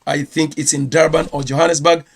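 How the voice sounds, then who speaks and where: A man from Kenya with a Kenyan accent, hosting a casual ministry news roundup, chatty and quick to correct himself. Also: fairly high pitch, level tone. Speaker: ministry host.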